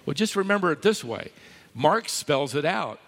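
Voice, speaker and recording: A man's voice: on the high side, big pitch swings, moderate pace, vocal fry, fairly bright tone. A man preaching a sermon to a live congregation, emphatic and teasing the listeners. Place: large church hall with live audience. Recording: long hall reverb.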